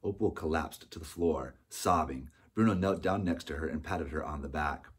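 Reading from a script, a man narrates a storybook for an audiobook at a calm, measured pace. His voice is very deep with a slight huskiness, and his storytelling tone stays even throughout.

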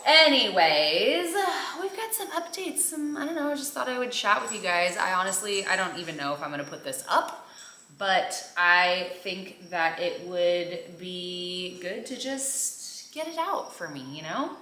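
A woman's voice: on the low side, animated, a little slow, pushed and bright, slight background noise. A young woman vlogger chatting casually while folding laundry at home, rambling with lots of fillers and sounding tired. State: tired and subdued. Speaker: mom vlogger. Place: home room. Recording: echoey room.

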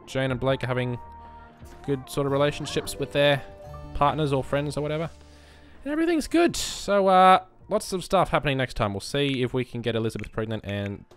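A young man giving chatty gameplay commentary as a let's play host, muttering reactions as he goes. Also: medium pitch.

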